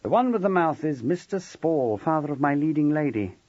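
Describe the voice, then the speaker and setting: A man's voice: fairly high pitch, expressive, normal speed, a little mellow, no echo, dull audio, voice pushed up. A man reading an audiobook voices a dry-witted male teacher who jokes in a tense moment. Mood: wry. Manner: dry, wry and joking. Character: wry, witty male teacher, head of sixth form.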